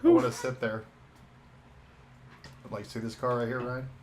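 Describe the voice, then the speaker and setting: A man's voice: mid-range voice, little pitch movement, normal speed, darkish tone, a little hiss or hum. A man co-hosting a podcast in casual chat, rambling, laughing often and swearing now and then. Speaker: podcast co-host and shop owner.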